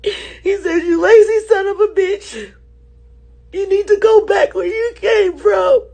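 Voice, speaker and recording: Shrill, crying, shouting woman. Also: steady tone, a little slow, vocal fry.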